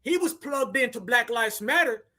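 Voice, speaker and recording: A man with a very high, bright, forceful voice rants through a reaction commentary. He talks in heated street slang and mocks the clips he plays. His tone stays scolding and emphatic. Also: lively intonation, normal speed.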